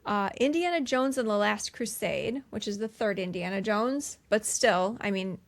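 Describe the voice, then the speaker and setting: Woman podcast co-host in her thirties, easygoing recap chat, filler-heavy, pops into character voices. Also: medium pitch. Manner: retells scenes with quick voiced impressions, many fillers. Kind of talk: casual movie recap chat.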